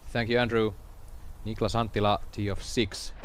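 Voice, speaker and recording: A man calls the action live in a low, steady voice, measured between shots and rising sharply when something big happens. Faint outdoor ambience sits quietly behind him. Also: a little hiss or hum. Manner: calm, measured play-by-play with sudden excited rises. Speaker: play-by-play commentator. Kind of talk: live sports commentary.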